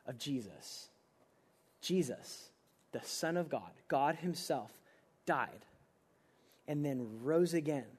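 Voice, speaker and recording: Young male preacher with a high voice, earnest and casual, rising to loud pleas and dropping to hushed intensity. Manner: casual, uses many filler "like"s. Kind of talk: sermon.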